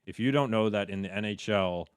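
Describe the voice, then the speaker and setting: Male sports broadcaster guest, low voice, dry close sound, rambling casual chat. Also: brisk, clean tone, no echo. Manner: rambling, many restarts, breaks into animated mock quotes.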